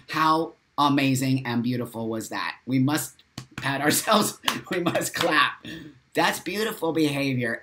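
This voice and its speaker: A man's voice: mid-range voice, fairly bright tone, slight background noise. Blunt, profane middle-aged man hosting. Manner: emphatic, blunt, swears freely, laughs often. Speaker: host. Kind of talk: casual livestream chat reading viewer comments.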